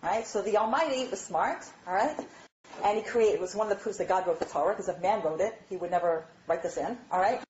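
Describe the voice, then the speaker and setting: A woman giving a lively, chatty lecture on marriage, often checking in with her audience. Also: mid-range voice, fairly quick, a little hiss or hum. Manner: animated, chatty, asks "all right?" often. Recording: dull, roomy hall recording.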